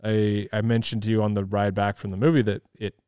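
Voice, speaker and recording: A thoughtful man with a low, smooth, resonant voice, walking through his reasoning in casual podcast chat. He hedges a lot and talks it out as he goes. The sound is dry and close. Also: flat delivery, fairly quick, mellow, no echo. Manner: thoughtful, explanatory, hedging. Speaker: podcast co-host.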